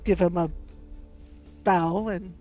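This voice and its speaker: A woman playing a tabletop game, speaking in a measured way as she lays out her party's plans. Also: lowish voice, fairly even intonation, mellow, soft background music, poor audio. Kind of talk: casual play session talk.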